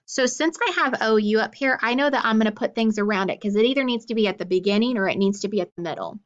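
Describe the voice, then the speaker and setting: Woman teacher, encouraging phonics lesson, clear sound-outs. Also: medium pitch, muffled recording. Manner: encouraging, slow sounding-out of words.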